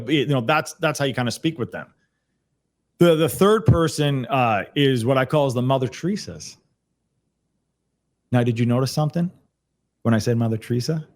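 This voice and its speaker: A man speaking as a podcast guest on a video call, explaining energetically, often repeating words and restarting. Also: mid-range voice. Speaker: podcast guest, sales trainer. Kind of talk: casual conversational explanation. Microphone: computer on a video call.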